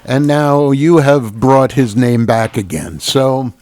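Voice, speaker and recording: A man's voice: medium pitch, slow, darkish tone. A man hosting a comedy news show, reading headlines and joking with his co-host. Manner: jokey, reads headlines with goofy put-on voices.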